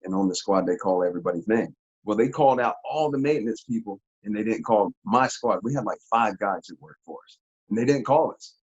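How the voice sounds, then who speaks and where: A man telling a story in an interview, in a casual, animated, slangy way with frequent laughs. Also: lowish voice, a little fast, slightly rough, dull audio. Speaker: interview guest.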